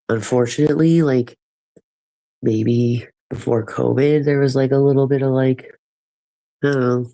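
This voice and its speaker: A man's voice: mid-range voice, fairly even intonation, unhurried, creaky, pauses often, warm tone, rough recording. A man chatting casually with his livestream viewers, rambling and profane, with a stuffy nose.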